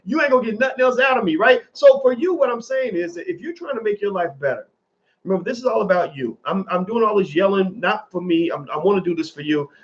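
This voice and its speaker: A man from the American South gives his viewers loose, animated commentary at a slightly fast clip, his voice pitched a bit high for a man. Casual profanity and repeated words drive his points home, all captured in dull, lo-fi audio.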